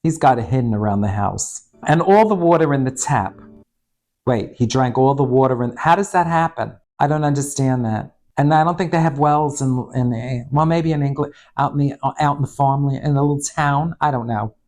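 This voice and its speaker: A man's voice: medium pitch, normal speed, a little mellow. A middle-aged man in drag, reading a children's picture book aloud with campy, sardonic, bawdy asides. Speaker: storytime host and drag performer.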